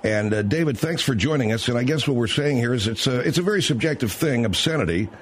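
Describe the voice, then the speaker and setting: A man's voice: medium pitch, animated, fast talker, a little hiss or hum. A man hosting a late-night radio talk show, rambling and hesitant with many fillers and restarts as he reads out the number and sets up a story.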